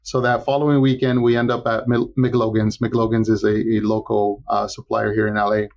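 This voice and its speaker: A man speaking as a podcast guest, telling his story casually and lively, and acting out the voices of the people he quotes. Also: fairly low pitch, moderate pace, creaky, dull audio. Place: Los Angeles area.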